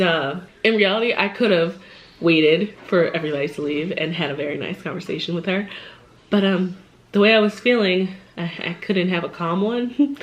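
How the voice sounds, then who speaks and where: A woman's voice: on the low side, rough recording. A woman vlogging at home, telling a long story in casual chat while eating, laughing often and acting out what others said. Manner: chatty, animated, laughs often, acts out quoted voices. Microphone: camera mic.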